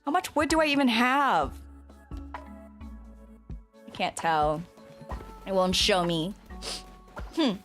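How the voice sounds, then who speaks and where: A young woman vtuber chatting casually as she plays a game, swearing and breaking into sudden shouts. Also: fairly high pitch, very animated, normal speed, long pauses, faint music behind. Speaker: vtuber streamer. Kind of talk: casual gameplay commentary.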